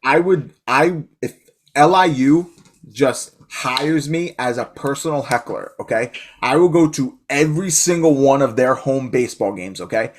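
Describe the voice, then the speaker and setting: A man's voice: mid-range voice, moderate pace. A man with a New York accent telling brash stories in a casual sports podcast chat. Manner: brash, loud storyteller who mimics his own yelling. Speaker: podcast co-host.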